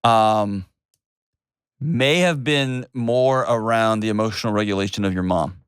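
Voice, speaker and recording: A man's voice: fairly low pitch, unhurried, clear, resonant tone, no room sound, clean studio sound. A man hosting a call-in advice show, talking in a direct, reassuring way and cutting in to steer the conversation. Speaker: host.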